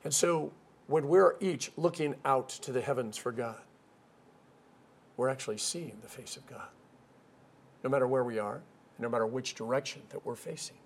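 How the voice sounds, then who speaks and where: A man's voice: medium pitch, normal speed, pauses often, slightly rough. A man preaching a conversational sermon, mixing scripture with humorous asides.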